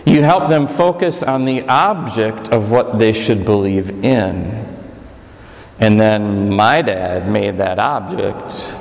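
A man preaching a sermon, swinging between high urgent passages and low intimate ones. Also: gravelly. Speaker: pastor. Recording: echoey hall reverb.

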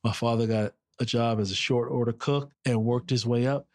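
A middle-aged man from the United States, telling personal stories about his family in an earnest, halting way and repeating words when moved. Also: medium pitch, fairly even intonation, a little mellow. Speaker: interview guest. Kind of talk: emotional personal storytelling.

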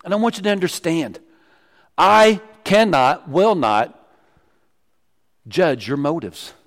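A male pastor delivers his sermon with lively swings, climbing high and loud for emphasis, then sinking low and soft to land a point. His voice sits a little higher than most men's. The sound carries a long echo from the church sanctuary. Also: measured pace, gravelly. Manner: animated preaching with wide swings in pitch and loudness, dropping to quiet punchlines.

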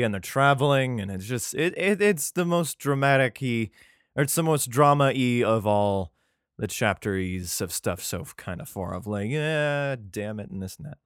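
A man's voice: medium pitch, fairly bright tone, clear, resonant tone, no room sound, clean studio sound. Irreverent man riffing on scripture. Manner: profane, jokey asides, many fillers. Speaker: podcast host. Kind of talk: casual irreverent Bible reading and commentary.

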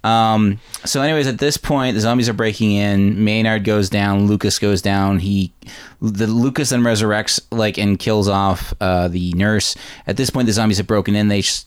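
A man co-hosting a podcast, giving a rambling, animated recap of a horror film. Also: on the low side, a little fast, smooth. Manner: rambling, animated retelling with quoted voices. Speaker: podcast co-host. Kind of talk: casual movie recap.

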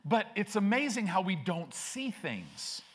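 A man's voice: sits high, huge pitch swings, a little slow. A male pastor preaching a sermon in a conversational, slangy way, acting out quoted characters with a shifting voice. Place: church sanctuary.

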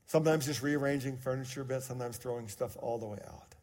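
A man in his sixties preaching a sermon, telling a personal story as he moves between quiet, hushed moments and emphatic, raised passages. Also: medium pitch, fast talker. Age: 60s. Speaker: pastor.

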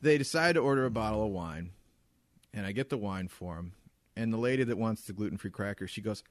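A man in his thirties co-hosting a podcast, telling an animated, profane story about annoying customers. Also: on the low side, brisk, dry recording. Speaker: podcast co-host.

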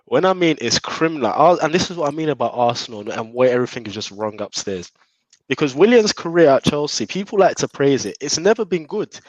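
A man's voice: medium pitch, sing-song, brisk, no room sound, poor audio. A man in a heated casual chat about his football club, scornful and often laughing. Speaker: football fan panelist.

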